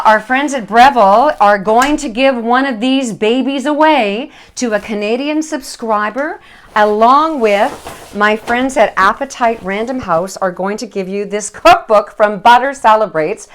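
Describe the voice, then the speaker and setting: A woman hosting a live cooking show, chatting in a bubbly, animated way. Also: mid-range voice. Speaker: host.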